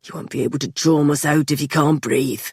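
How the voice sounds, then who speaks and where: A woman voicing a stern, desperate young man leading a mine rescue, speaking low, clipped and strained. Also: steady tone, a little fast, darkish tone, breathy edge, dry recording, clean studio sound, exaggerated voice. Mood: tense. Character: stern, desperate young male miner leader.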